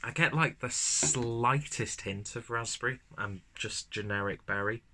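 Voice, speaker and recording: A man's voice: mid-range voice, measured pace, noisy background. A man reviewing a beer to camera at home, chatting casually with rambling asides and the odd swear word. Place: at home, indoors. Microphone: camera mic.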